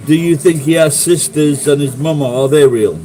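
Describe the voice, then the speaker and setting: Chatting with his livestream viewers, a middle-aged Englishman with a Sheffield accent rambles through stories full of swearing. His voice is a little high and warm at a moderate pace, with soft background music and poor audio.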